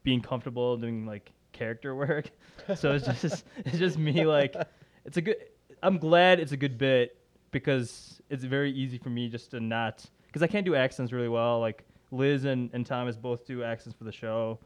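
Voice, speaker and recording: A man, a podcast guest talking casually about his magic and improv work, chatty and self-deprecating with quick restarts. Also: mid-range voice.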